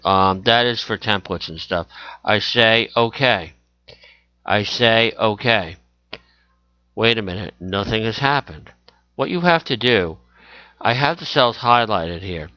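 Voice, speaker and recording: Low-voiced man narrating a software tutorial. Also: clear, resonant tone, no room sound, muffled recording. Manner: talks through each click as he goes, with fillers and self-corrections. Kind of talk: screen-recorded software tutorial.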